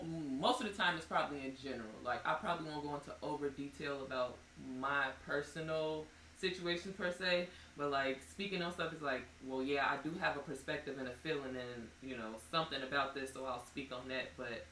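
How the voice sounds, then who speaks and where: A woman with a bright, lowish voice speaks openly and haltingly in a casual group chat. She sits a bit away from the mic, and the room gives her voice an echo. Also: recorded from a distance, a little hiss or hum. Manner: open, halting talk with many "like"s. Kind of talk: candid group chat about mental health.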